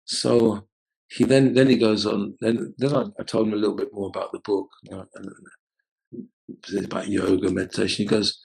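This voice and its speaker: A man's voice: fairly low pitch, little pitch movement, moderate pace, creaky, darkish tone, breathy edge, poor audio. A man, a Hare Krishna book distributor from the UK, telling a story casually, rambling with many "you know"s.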